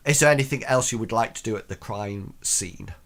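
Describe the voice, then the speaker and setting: A man's voice: fairly low pitch, a little fast, fairly bright tone. A man narrating as game master of a tabletop game in a rambling way with many fillers.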